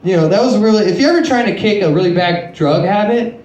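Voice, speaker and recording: Late-20s male stand-up comic, slightly high voice, crude self-deprecating delivery, roomy club sound. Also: fast, darkish tone, highs cut off. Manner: crude, self-mocking storytelling with frequent swearing. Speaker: stand-up comedian. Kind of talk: stand-up comedy set. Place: comedy club stage. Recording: echoey club room.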